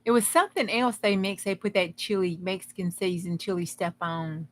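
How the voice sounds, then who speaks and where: Hosting a live crafting stream, a woman with a mid-range voice talks at a moderate pace. She chats casually and wanders off topic, sprinkling in folksy humor.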